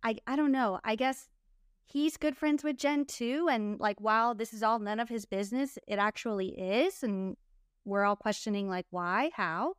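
A woman's voice: fairly high pitch, moderate pace, clean tone, dry recording, clean studio sound. A young woman co-hosting a casual chat show, recapping a reality series and acting out the cast's lines. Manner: chatty, acts out cast members' lines. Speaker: podcast co-host.

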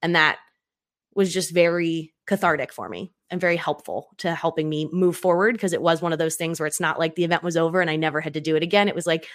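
On a podcast, a female co-host with a slightly low voice talks fast and openly in casual chat. Relaxed and unscripted, she reflects on a personal story conversationally, leaning heavily on filler words.

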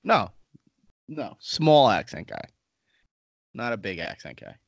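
A man's voice: mid-range voice, big pitch swings, slow, no room sound, dull audio. A man co-hosting a podcast, telling loose, profane stories in casual chat. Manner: crude, swearing, laid-back storyteller. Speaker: podcast co-host.

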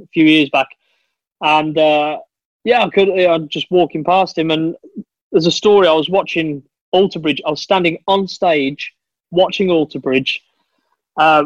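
A man talking as a guest on a casual chat podcast, fairly high in pitch for a man. He tells his stories with eager enthusiasm and keeps calling the host "mate". The audio is dull and lo-fi, and the sound is dry and close. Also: no echo. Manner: chatty, enthusiastic storyteller, says "mate".

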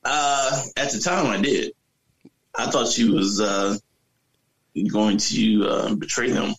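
A man as a podcast guest, talking about a movie in a casual, measured way with pauses. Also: lowish voice, a bit bright, breathy edge, poor audio.

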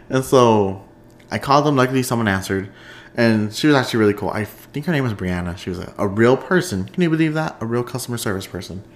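Chatty, laughing man with a low voice. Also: quick pace. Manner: chatty, animated storytelling with frequent laughs. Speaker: podcast host. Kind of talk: casual solo podcast chat.

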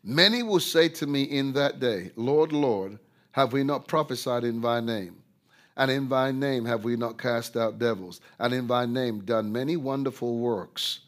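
A man preaching a sermon, slow and deliberate, who rises loud on scripture quotes and sinks low when he reflects. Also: expressive.

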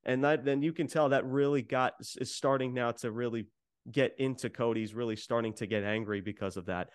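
Man, podcast co-host, chatty rambling recap full of "you know" and half-acted quotes, mid-pitched voice, dry close sound with no room. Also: fairly even intonation, fairly quick, clean tone, dry recording. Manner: rambling, many fillers, re-enacting quotes. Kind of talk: casual wrestling show recap.

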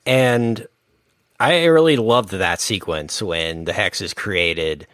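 Lively lower-voiced man chatting. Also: takes it slowly, smooth, no echo. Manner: animated, excited bursts, many fillers. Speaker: podcast co-host. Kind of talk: casual chat about movies.

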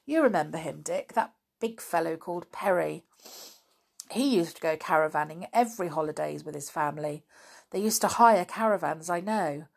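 A woman's voice: low voice, normal speed, gravelly, a little mellow. A woman voicing a responsible older boy who speaks in a matter-of-fact way. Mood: earnest.

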